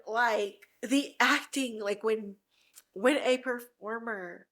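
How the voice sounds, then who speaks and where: A woman's voice: on the high side, slow, fairly bright tone. A woman hosting a casual TV recap podcast, teary and gushing, often laughing as she talks. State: teary, close to crying. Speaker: podcast host.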